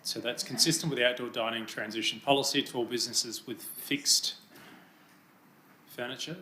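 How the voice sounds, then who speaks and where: A man chairing a council committee meeting, brisk, procedural and polite. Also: medium pitch, fairly even intonation, sharp tone, slight background noise. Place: council chamber. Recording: roomy chamber sound.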